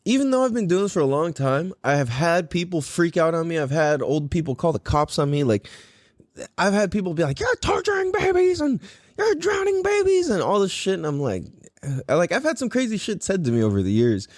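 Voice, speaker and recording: A man in his thirties, a podcast host, telling a story in casual chat, animated and profane, laughing often. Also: a little high, fairly quick, no room sound, studio quality.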